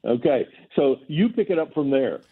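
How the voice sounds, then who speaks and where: A man's voice: medium pitch, expressive, normal speed, husky, phone-quality sound. A man co-hosting a talk show, chiming in and laughing along.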